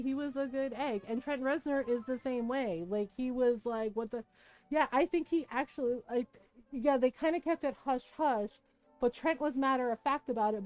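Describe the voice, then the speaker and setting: A woman streamer chatting casually with her live viewers, animated and swearing often, with frequent laughter. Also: on the high side.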